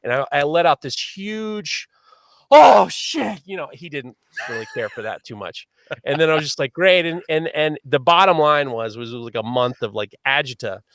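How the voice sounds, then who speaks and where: A man hosting a live podcast, telling a long story in a lively, swearing manner. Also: medium pitch, fairly quick, no echo. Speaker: podcast host.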